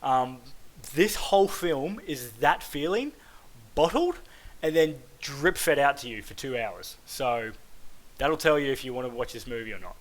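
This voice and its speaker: A man's voice: medium pitch, lively intonation, unhurried, low-quality recording. An Australian man from Queensland in his twenties, giving a casual spoken film review with many "um"s and "like"s and plenty of swearing. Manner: casual, frequent "um" and "like", swears freely.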